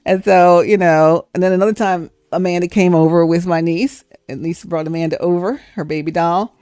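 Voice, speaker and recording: A woman hosting a livestream, telling a story in a chatty, animated way. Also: lowish voice, fairly quick, clean tone, no echo, clean studio sound. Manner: chatty and animated, breaks into laughter. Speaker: livestream host. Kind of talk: casual storytelling.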